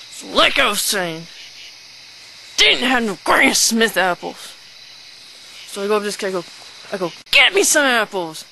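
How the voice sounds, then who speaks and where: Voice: mid-range voice, vocal fry, bright, forceful tone, slight background noise, exaggerated voice, poor audio. A performer playing a rude, hot-tempered man shopper who rants, swears and threatens in an amateur sketch.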